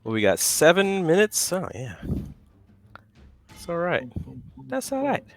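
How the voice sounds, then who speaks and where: A man's voice: high voice, huge pitch swings, a little slow. A man in his forties co-hosting a casual live stream, playful and groaning through jokes. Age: 40s. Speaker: co-host.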